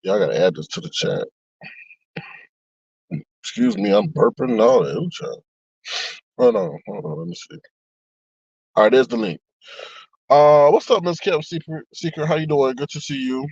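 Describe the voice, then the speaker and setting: A man's voice: a little high, big pitch swings, moderate pace, vocal fry, long pauses, a little mellow, slightly rough, no echo, dull audio. Chatty man hosting a live stream. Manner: chatty, reads comments aloud, frequent laughs and asides. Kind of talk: casual live-stream chat.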